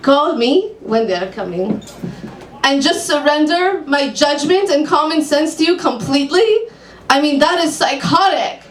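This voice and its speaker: A woman's voice: sits high, expressive, measured pace, voice pushed up. A woman voicing a desperate young female client, pleading and exasperated. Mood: frantic. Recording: echoey room, far mic, faint hum.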